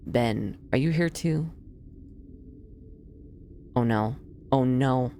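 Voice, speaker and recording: A streamer giving quick, joking asides during a game playthrough. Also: mid-range voice, mellow, a little hiss or hum.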